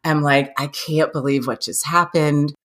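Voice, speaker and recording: A woman in her thirties telling a funny personal story in casual chat, animated and self-mocking, laughing often. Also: sits low, measured pace.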